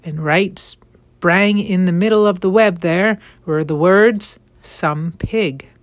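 A middle-aged farmer man in a storybook, solemn and awed, pressing his point with grave insistence, as a woman reads him. The voice sits fairly low and dry, close to the mic. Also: slow pace, dry recording. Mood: awed insistent.

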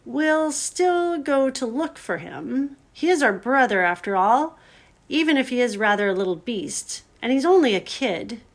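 A woman's voice: high-pitched, expressive, a little slow, voice pushed up. Loyal eldest brother, boyish and set on it, a bit choked, storybook, as a woman voices him. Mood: determined. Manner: determined, slightly choked.

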